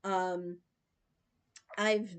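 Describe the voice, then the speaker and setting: A woman's voice: mid-range voice, little pitch movement, very slow, smooth. Chatty woman in her forties. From United States. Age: 40s. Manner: chatty storytelling, laughs often, many fillers. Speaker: livestream host. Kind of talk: casual chat with viewers.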